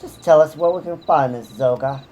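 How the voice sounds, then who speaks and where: A woman voicing a brash, tough warrior woman in a game who scolds loudly and gruffly. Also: low-pitched, normal speed, muffled recording, a little hiss or hum, close to an everyday voice. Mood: scornful.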